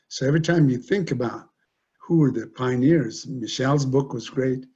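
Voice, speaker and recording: An older man, a guest speaker, telling personal stories in an animated way with many fillers. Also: medium pitch, husky. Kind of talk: storytelling talk. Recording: dull lo-fi recording.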